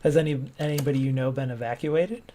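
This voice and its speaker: A man's voice: mid-range voice, fairly even intonation, fast, background noise. Sarcastic man hosting a game playthrough. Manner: sarcastic, joking. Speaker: host. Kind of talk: casual let's-play chat.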